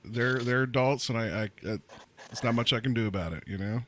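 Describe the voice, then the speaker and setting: A man's voice: medium pitch, background noise. A man in his early forties chatting casually in a group and telling a family story, often stumbling and repeating his words. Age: 40s. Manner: halting, repeats words while telling stories. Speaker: open mic participant.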